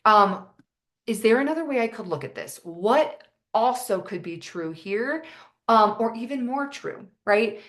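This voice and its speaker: A woman's voice: on the high side, animated, measured pace. A woman coach explaining a mindset process in a chatty way, often adding "right?". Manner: chatty, many "right?" asides. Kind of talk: casual coaching talk.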